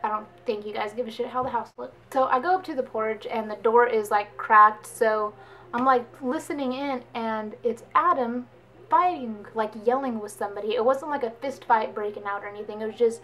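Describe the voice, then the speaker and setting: A woman's voice: on the high side, moderate pace, a bit bright, slight background noise, rough recording. A young woman vlogger telling a story in a casual, chatty way, laughing often. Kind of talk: storytime vlog.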